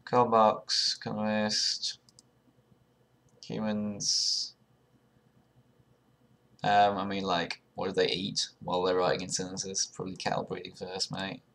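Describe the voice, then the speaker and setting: Low, monotone and creaky, this young man's voice runs a little slow and pauses often. He's a video creator chatting casually through an online quiz, muttering guesses as he thinks aloud, swearing sarcastically and erupting now and then into loud outbursts.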